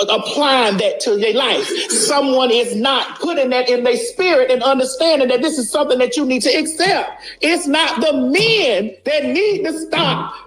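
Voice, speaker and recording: A woman's voice: fairly high pitch, a little hiss or hum. A woman giving a blunt, casual commentary, preaching her point and repeating lines for emphasis, swearing freely.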